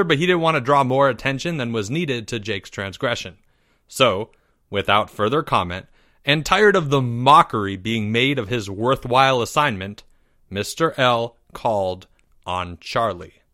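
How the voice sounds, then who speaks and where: A man reading a story aloud in a measured, expressive way. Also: medium pitch, dry recording, studio quality. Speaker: narrator.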